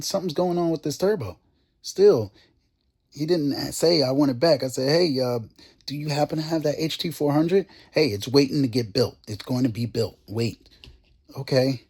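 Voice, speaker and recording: Husky young man telling a car story. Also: mid-range voice. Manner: animated, acts out quoted conversations. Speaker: car enthusiast vlogger. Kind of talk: casual storytelling rant.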